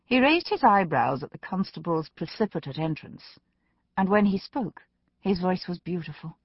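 A woman narrating an audiobook in a measured storytelling manner. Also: fairly low pitch, expressive, husky, dry recording, lo-fi sound. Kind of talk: scripted narration.

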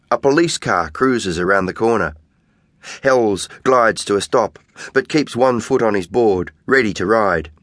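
A man narrating a children's audiobook in a measured, expressive way. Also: deep voice, dry recording, clean studio sound. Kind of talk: scripted narration.

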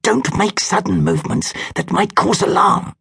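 A man's voice: high-pitched, moderate pace, vocal fry, fairly bright tone, slightly rough, voice pushed up, full character voice. A man reading the part of an alien envoy who is stiffly proper and overly formal, putting on his best posh manners. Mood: cautious.

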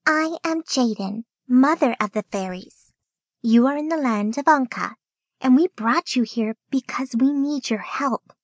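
A tiny fairy mother with a firm, confident voice, as a woman reads her part. She sounds sure of herself and a little high, recorded dry and close. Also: measured pace, no echo.

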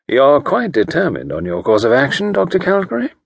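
A man voicing a pleasant, quiet, non-committal older gentleman who speaks in measured, hesitant phrases. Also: mid-range voice, wildly swooping pitch, vocal fry, slightly rough, dry recording, voice pushed up, full character voice. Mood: evasive. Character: calm male advisor, pleasant and non-committal.

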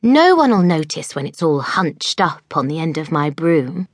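A woman's voice: low voice, big pitch swings, moderate pace, no room sound, studio quality. A woman voicing a cheerful, carefree young schoolgirl witch who talks in an airy, breezy way.

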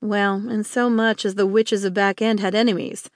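A woman narrating an audiobook in a lively, expressive storytelling manner. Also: mid-range voice, moderate pace, dry recording, studio quality.

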